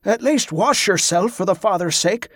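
A man's voice: on the high side, normal speed, dry recording, studio quality. A man voicing a fussy, nervous male merchant who talks in a prim, strained way. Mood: fretful prim.

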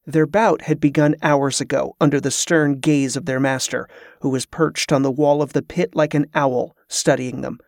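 A man reading a fantasy audiobook in a steady, measured voice, his pitch a touch above the usual for men. The recording is dry and close, with no room sound. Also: creaky, no echo. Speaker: narrator.

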